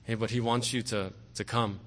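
A man preaching a sermon earnestly, often pausing on "okay" and growing forceful on key words. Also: mid-range voice, steady tone. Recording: long hall reverb.

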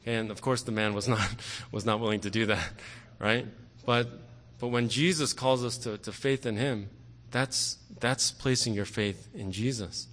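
A man preaching a sermon earnestly, often pausing on "okay" and growing forceful on key words. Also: on the low side, steady tone. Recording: long hall reverb.

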